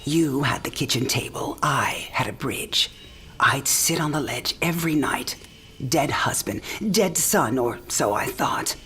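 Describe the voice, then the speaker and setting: A low, breathy dying old mother. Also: animated, unhurried, a bit bright, exaggerated voice. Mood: tender. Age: 60s. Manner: breathy, half-whispered, teasing. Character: dying older mother, frank and tender. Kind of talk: video game cinematic acting.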